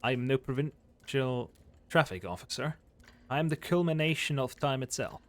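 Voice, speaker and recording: A man's voice: mid-range voice, animated, moderate pace, close to an everyday voice. Man voicing a solemn cosmic time being. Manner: solemn, portentous pronouncements. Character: grandiose male being embodying the end of time. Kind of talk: voicing game dialogue.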